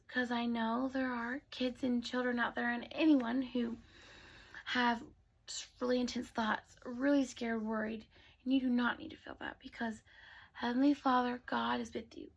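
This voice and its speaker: A woman telling bedtime stories to children in a soft voice that often drops to a whisper. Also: a little high, creaky, slightly rough. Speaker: storyteller. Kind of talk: bedtime storytelling.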